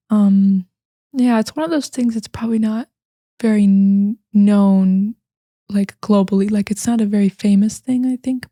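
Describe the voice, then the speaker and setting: American lady teacher telling bedtime stories, chatty, lots of um and like, slips into whispers, mellow. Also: mid-range voice, no room sound, studio quality. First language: English. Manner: chatty, many fillers, sometimes whispering. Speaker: English teacher. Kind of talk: casual storytelling for learners.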